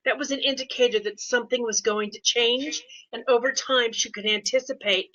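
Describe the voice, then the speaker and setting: An older woman, a behavior consultant, speaking in a casual podcast interview and telling animated stories with quoted voices. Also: a little high, brisk. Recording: dull lo-fi audio.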